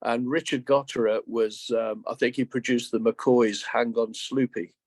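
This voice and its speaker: A man's voice: mid-range voice, steady tone, moderate pace, darkish tone, no echo. A man in his seventies, a guest musician telling rambling anecdotes in a casual interview, often restarting his sentences. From England. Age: 70s.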